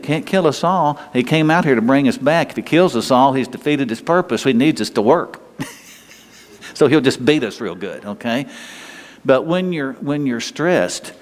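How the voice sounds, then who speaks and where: A male preacher delivering a sermon in a lively, conversational style. His voice sits at an ordinary middle pitch. It carries the long, echoing reverb of a big hall. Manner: emphatic, conversational preaching with sudden high mocking whines.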